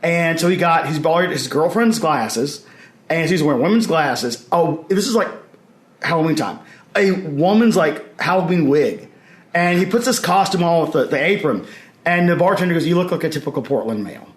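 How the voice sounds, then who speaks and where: Animated man telling a story. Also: on the high side, normal speed. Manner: animated, acts out quoted voices. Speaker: podcast guest. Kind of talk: casual storytelling. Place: convention hall. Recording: echoey convention hall.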